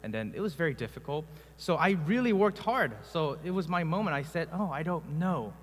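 A pastor from South Korea preaching a sermon, telling personal stories in a conversational way with many filler sounds. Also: male voice, fairly high pitch, expressive, brisk, a bit bright, big-room sound.

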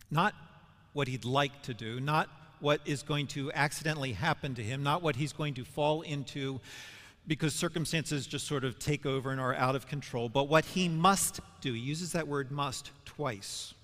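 A man's voice: on the high side, normal speed, a bit bright. A man giving a Bible teaching sermon, asking questions and building to emphatic peaks. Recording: long hall reverb.

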